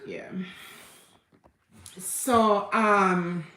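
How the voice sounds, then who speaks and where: A Jamaican-accented vlogger in her thirties tells a personal story, heartfelt and tearful, repeating herself and mixing in patois. Her mid-range voice is bright and forceful with fairly even intonation, extremely slow, in an echoey room with a little hiss or hum.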